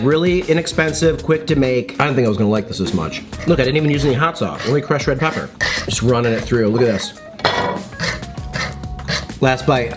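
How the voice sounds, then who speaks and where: A man in his thirties from the Midwestern US, chatting casually and laughing while telling stories and reviewing food in his home kitchen. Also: medium pitch. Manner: chatty, laughing, lots of fillers. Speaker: food vlogger host. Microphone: external microphone.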